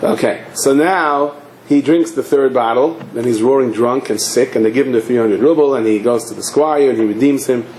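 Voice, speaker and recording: A man's voice: medium pitch, normal speed, darkish tone, a little hiss or hum. A man, a rabbi, tells a story in a sermon and acts out its scenes with animation. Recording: echoey hall.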